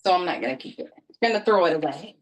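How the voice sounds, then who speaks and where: A woman's voice: lowish voice, lively intonation, racing. A woman hosting a craft video, talking casually and playfully to her viewers, teasing them with mock drama. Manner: colloquial, addresses viewers as y'all. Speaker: craft channel host. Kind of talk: casual vlog talk.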